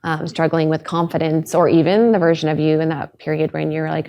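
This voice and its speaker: Her voice low and dark, a podcast host talks fairly quickly and with little pitch movement. She opens up earnestly and emotionally about her own story during a candid conversation, often restarting hesitantly.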